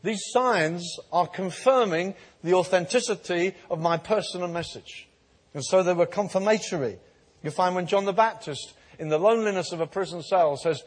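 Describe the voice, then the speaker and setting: A man preaches a sermon in a large hall, his slightly high voice husky and breathy. He tells stories with mounting emphasis, and the long reverb of the room hangs after his words. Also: normal speed. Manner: storytelling, growing animated and emphatic.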